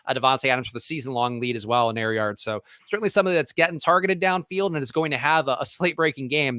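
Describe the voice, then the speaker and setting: A man's voice: mid-range voice, pushed and bright, dry recording, clean studio sound. A man co-hosting a sports podcast, joking and chatting in a talkative way. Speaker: podcast co-host. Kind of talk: casual sports podcast chat.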